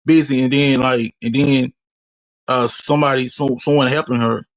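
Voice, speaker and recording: Halting man telling a story. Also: mid-range voice, steady tone, dry recording. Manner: halting, repetitive, many restarts. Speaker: interviewee. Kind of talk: street interview storytelling.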